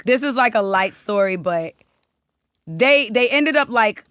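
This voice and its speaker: A young woman from South Florida, a singer-songwriter telling a story as a podcast guest, animated and profane. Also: on the high side, measured pace, slight background noise. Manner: animated, profane, acts out quotes. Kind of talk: casual storytelling interview.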